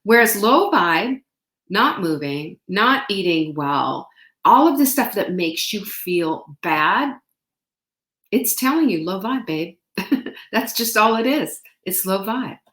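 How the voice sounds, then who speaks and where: A woman hosting a casual motivational talk, telling a story in an animated way and acting out quotes. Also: mid-range voice, takes it slowly, roomy sound. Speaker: host.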